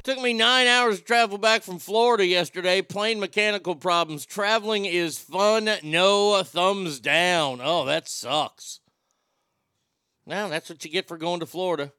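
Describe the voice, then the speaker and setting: High, bright-voiced joking show host. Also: male voice, measured pace, smooth, dry recording, clean studio sound, faint music behind. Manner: jokey, reads viewer greetings and answers them. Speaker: show host reading chat messages. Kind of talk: casual live-show chat.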